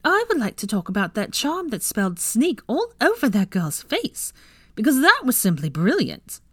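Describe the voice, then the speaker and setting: A woman voicing an eager young witch full of excitement. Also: a little high, moderate pace, slightly rough, no room sound, studio quality, pitched above the performer's own voice, full character voice. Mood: excited.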